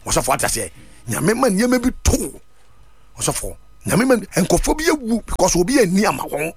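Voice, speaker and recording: A man preaching a sermon, switching between Twi and English and rising to shouts. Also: high voice, big pitch swings, moderate pace, vocal fry, slightly rough, dry recording. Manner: fervent, mixing Twi and English, shouting at peaks.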